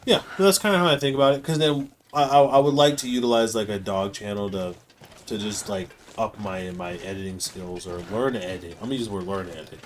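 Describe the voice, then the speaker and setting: A little hiss or hum accompanies this man's lowish voice as he talks a little fast, co-hosting a live game stream with rambling, playful, casual chatter.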